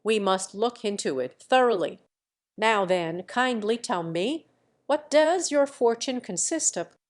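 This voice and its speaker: A woman's voice: fairly high pitch, lively intonation, a little slow. A woman voicing a proud young woman who speaks in a composed, coolly businesslike way.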